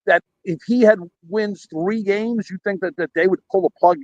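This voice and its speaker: A man's voice: high-pitched, normal speed, a little mellow, no room sound, dull audio. A man calling in by phone from a park, rambling animatedly through a story with quoted dialogue. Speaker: caller. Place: outdoors at a park.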